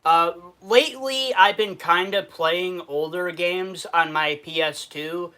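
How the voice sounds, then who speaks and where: Speaking slowly in a high, bright, forceful voice, the man reads viewers' comments aloud during his laid-back food review livestream and replies. He's from Western New York, has a New York accent, and sounds sad beneath the surface.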